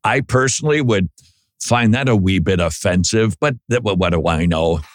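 A male political commentator reacts to played speech clips in a sardonic, conversational manner, often restarting his sentences. His voice is fairly low and his pace normal, with a little hiss or hum in the background.

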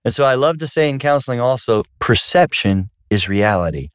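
A man's smooth, animated voice moves at a brisk pace as he, a pastor and marriage counselor, casually chats and tells stories on a podcast with his wife. Occasionally he does voices that spike suddenly high; the recording is clean studio sound with no room sound.

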